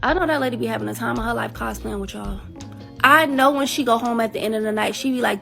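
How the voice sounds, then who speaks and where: A woman's voice: fairly high pitch, quick pace, creaky, bright, forceful tone, faint music behind. A woman ranting in sarcastic, slangy, mocking commentary. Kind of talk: casual commentary rant.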